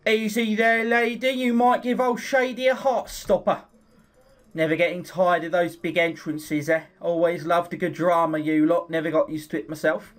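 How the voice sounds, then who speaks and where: A man's voice: high voice, level tone, moderate pace, lightly acted. A man voicing a sly, chummy male rogue with a Cockney accent, drawling and wheedling. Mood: cheeky.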